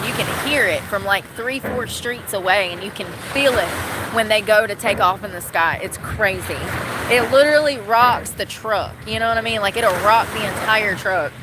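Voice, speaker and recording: Boat and water noises fill the outdoor background as a young North Carolina woman films a vlog on her phone. She talks at a moderate pace in a medium-pitched voice, rambling casually and laughing often.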